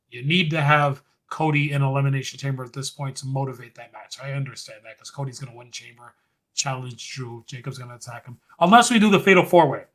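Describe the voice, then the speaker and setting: A man hosting a podcast, recapping a match in casual chat. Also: a little high. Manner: animated, fast-running recap. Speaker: podcast host.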